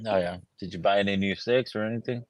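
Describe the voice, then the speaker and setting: A man's voice: on the low side, fast talker, a crowd in the background. A man hosting a casual livestream chat, swearing freely and laughing often. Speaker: livestream host. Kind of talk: casual chat over drinks.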